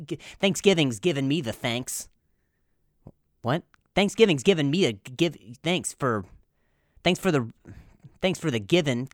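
Here a twenty-something podcast host runs his solo comedy show alone, stammering through rambling, self-deprecating bits. His voice is on the high side and fairly bright, captured at studio quality without any echo.

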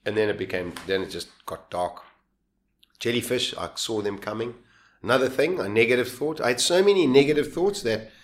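Guest in his fifties, lively storyteller who acts out the scenes and laughs through them. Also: lowish voice. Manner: vivid, acts out his own lines and voices, laughs while telling. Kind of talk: animated storytelling.

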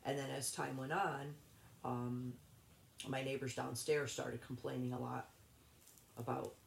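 Gravelly-voiced woman telling her story haltingly. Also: rumbling low, steady tone, reverberant, a little hiss or hum. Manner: rambling, halting, with many restarts. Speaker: interview guest. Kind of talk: personal storytelling in an interview.

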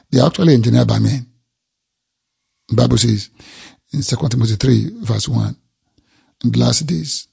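A man's voice: medium pitch, creaky, a little mellow, husky. A man preaching a sermon, emphatic and repeating key phrases for effect.

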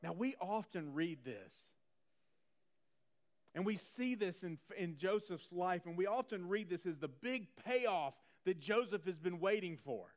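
High-voiced man preaching conversationally. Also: unhurried. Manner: conversational preaching, animated, repeats phrases. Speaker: pastor. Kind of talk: sermon.

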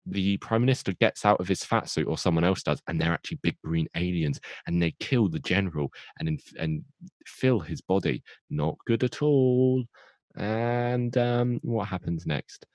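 Casting: podcast co-host, very low voice, dry close mic, rambling jokey recap. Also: male voice, no room sound. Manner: rambling, jokey storytelling with quick asides. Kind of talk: casual plot recap.

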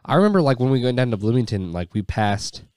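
A man's voice: medium pitch, big pitch swings, darkish tone, dry recording, studio quality. A young man co-hosting a podcast, chatty and eager in casual talk. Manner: chatty, eager, quick to agree. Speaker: podcast co-host. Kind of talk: casual chat.

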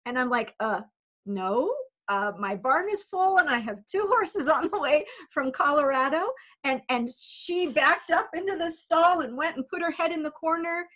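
A woman who works as an animal communicator, telling a story in a lively, chatty way and laughing often. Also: sits high, normal speed. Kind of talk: storytelling in casual chat.

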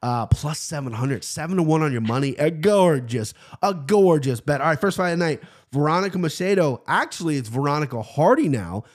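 A man in his thirties hosting a casual sports betting podcast, loose and excitable, swearing freely. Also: a little high, fast, few pauses. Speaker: podcast host.

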